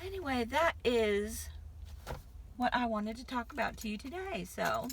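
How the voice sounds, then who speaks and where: A woman's voice: fairly high pitch, lively intonation, measured pace, vocal fry, slight background noise. A woman in her fifties from Connecticut with a light Southern drawl, chatting to camera in a rambling, hyper way that jumps from thought to thought. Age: 50s. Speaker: vlogger. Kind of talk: casual chat to camera.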